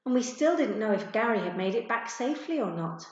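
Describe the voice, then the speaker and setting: A woman reading a children's storybook aloud to pupils, gentle and expressive. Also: fairly high pitch, brisk. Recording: echoey room, dull sound.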